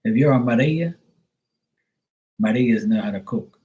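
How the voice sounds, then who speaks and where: A man's voice: mid-range voice, a little slow, warm tone, husky, low-quality recording. A man chatting casually with viewers on a live tarot stream, blunt and full of swearing. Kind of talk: casual livestream chat.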